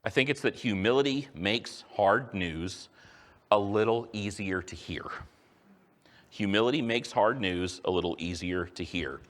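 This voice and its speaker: Lively, animated male preacher. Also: a little high. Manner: animated, conversational preaching with rhetorical questions. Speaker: pastor. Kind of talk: sermon.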